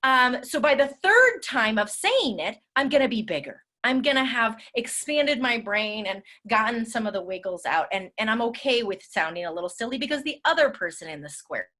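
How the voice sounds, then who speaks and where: Animated, chatty woman teacher on a video call. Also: on the high side, moderate pace, few pauses. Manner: animated, chatty, many fillers. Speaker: drama teacher leading a workshop.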